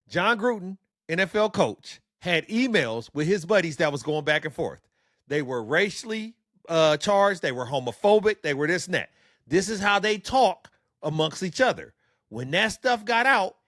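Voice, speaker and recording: High-voiced, impassioned male co-host. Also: fairly bright tone, no room sound, studio quality. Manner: impassioned, builds arguments with examples. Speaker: podcast co-host. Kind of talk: heated podcast discussion.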